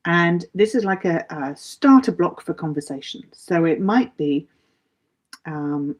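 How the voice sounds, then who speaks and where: A woman's voice: fairly low pitch, lively intonation, a little slow. A woman from England with an English accent, giving a chatty live English lesson and answering viewers' questions with many asides. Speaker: English teacher.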